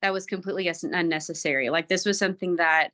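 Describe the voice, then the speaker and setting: A woman on a video call shares her own story candidly and reflectively, sometimes drifting off track. Her voice sits on the lower side but has a bright, forward tone. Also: fast. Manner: candid, self-reflective, rambling. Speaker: team member sharing her story. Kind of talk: candid personal testimony.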